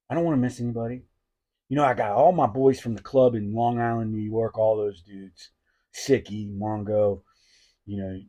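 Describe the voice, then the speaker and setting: A man's voice: fairly low pitch, dark tone. A middle-aged man rambling casually with profanity, many fillers and restarts, talking about his friends on a knife review channel.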